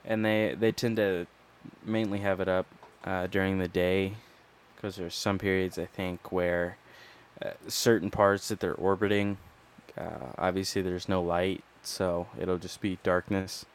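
A man co-hosting a podcast in relaxed casual chat, hesitant, with many fillers. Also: sits low, measured pace, clear, resonant tone. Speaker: podcast co-host.

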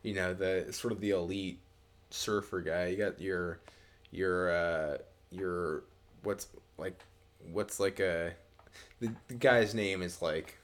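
Deep-voiced man rambling casually. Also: steady tone. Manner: rambling, halting with many restarts and fillers. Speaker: podcast co-host. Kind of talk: casual chat.

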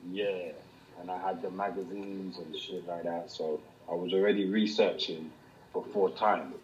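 A man chatting in a relaxed, reflective way, hesitating often. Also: sits low, moderate pace, highs cut off, slight background noise. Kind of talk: casual chat.

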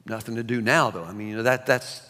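A man preaching a sermon, swinging between loud emphasis and hushed asides, often repeating words. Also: on the low side, fast. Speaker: pastor. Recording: long reverb of a large hall.

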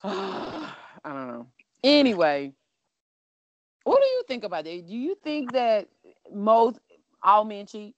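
Chatty woman telling animated stories. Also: medium pitch, takes it slowly, pauses often, dry recording, dull audio. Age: middle-aged. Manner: emotional, animated storytelling. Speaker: co-host. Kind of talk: casual chat.

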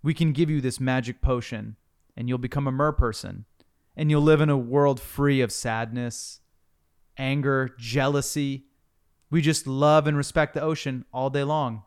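Mermaid played by a man in his own voice: smooth, persuasive, dreamy. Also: medium pitch, steady tone, normal speed, lightly acted. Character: mermaid inviting a surfer to Atlantis.

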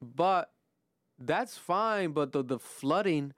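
A man's voice: expressive, slow, fairly bright tone, no room sound, studio quality. A man hosting a casual podcast, talking loosely with lots of swearing and fillers. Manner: loose and profane, drifting in pitch, trailing off with fillers. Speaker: podcast host.

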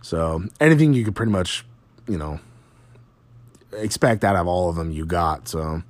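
A man's voice: deep voice, expressive, moderate pace, dry recording. A man casually recapping a wrestling show, rambling and swearing, with lots of fillers.

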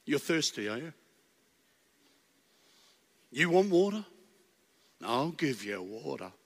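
A man voicing an exasperated old leader, sarcastic and low, in a reverberant hall. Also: very animated, slow pace, breathy edge, full character voice. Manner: sarcastic, then erupting. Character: exasperated old male leader Moses, fed up.

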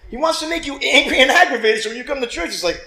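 A man preaching a lively sermon as pastor, acting out quotes and calling for amens from the congregation. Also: extremely high pitch, very fast. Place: church. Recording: echoey church room.

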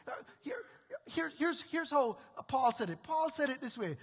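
A man preaches in a church with a high, bright voice that carries a husky edge. His delivery is animated and emphatic and swells into loud bursts. A long reverb from the hall trails each phrase. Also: brisk. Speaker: pastor. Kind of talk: sermon.

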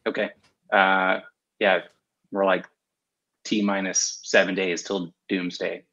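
A man's voice: low voice, level tone, slow, a bit bright, dull audio. A man guest on a podcast, chatting casually with dry humor. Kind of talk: casual chat.

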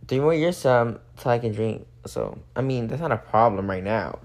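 An eighteen-year-old host rambles through a late-night solo podcast rant recorded on a phone. The talk is loose and profane, packed with "like" fillers, and comes from someone who is a little high. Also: animated, moderate pace, hardly any pauses. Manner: rambling, profane, heavy use of "like".

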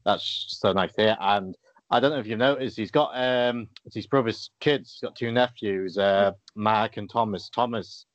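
A man's voice: fairly low pitch, normal speed. A man hosting a casual interview in an easygoing way, with many fillers. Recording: dull dry lo-fi audio.

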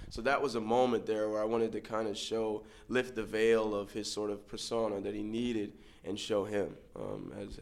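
A man, an actor, guest in a casual interview, talking in a laid-back, rambling way that often trails off quietly. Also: lowish voice, vocal fry.

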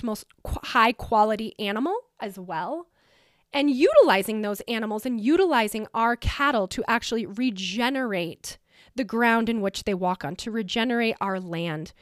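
A woman's voice: on the high side, a bit bright, dry recording, clean studio sound. A woman in her thirties from the United States hosting a podcast, telling a personal story in a chatty, emotional way with lots of "like.". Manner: chatty, emotional, heavy use of "like". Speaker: podcast host.

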